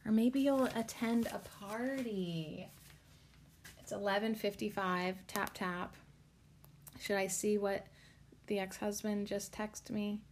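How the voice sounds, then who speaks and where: A woman talks slowly and loosely, as if thinking aloud, with her pitch sitting in a middle range. She rambles through card readings and spiritual ideas, leaning on filler words. She sounds worn out and low on energy. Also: fairly even intonation, a little hiss or hum. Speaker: podcast host reading cards. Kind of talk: casual rambling chat.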